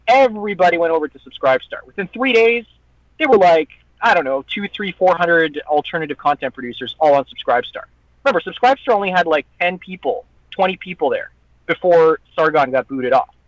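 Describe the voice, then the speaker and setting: High-voiced man ranting in lo-fi audio. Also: lively intonation, fairly quick, no room sound. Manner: heated, profane ranting with mocking quoted voices. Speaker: guest, online content creator. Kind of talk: casual podcast chat. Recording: dull lo-fi dry audio.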